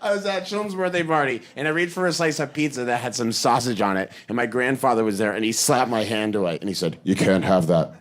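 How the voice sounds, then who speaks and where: A man performing a stand-up comedy set, telling animated stories and acting out the voices of people he quotes. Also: mid-range voice, fast talker, few pauses. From Boston.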